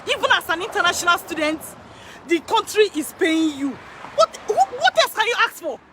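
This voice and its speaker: A woman working as an immigration consultant, talking excitedly to her viewers, repeating phrases for emphasis and laughing often. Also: extremely high pitch, brisk, very noisy. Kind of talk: excited direct-to-camera talk. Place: in Canada.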